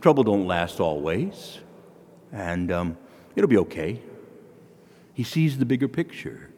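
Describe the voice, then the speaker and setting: A man's voice: deep voice, sing-song, a little slow, darkish tone, husky, in a large hall. Man preaching a folksy sermon in a church. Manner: folksy, storytelling with homely asides. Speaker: priest.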